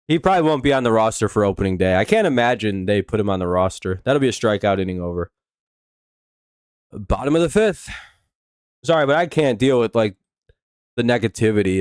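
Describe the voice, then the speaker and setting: A man's voice: lowish voice, moderate pace, a little mellow, clear, resonant tone, no echo, studio quality. A young man hosting a live baseball watch-along stream, chatting casually and ranting with heavy swearing at negative chatters. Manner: profane, exasperated ranting at chatters. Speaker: livestream host.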